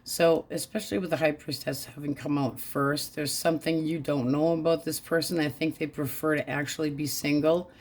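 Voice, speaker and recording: A woman's voice: low voice, steady tone, fairly quick, hardly any pauses, darkish tone. A woman giving a casual tarot reading, talking bluntly and crudely in a frank, offhand way. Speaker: tarot reader.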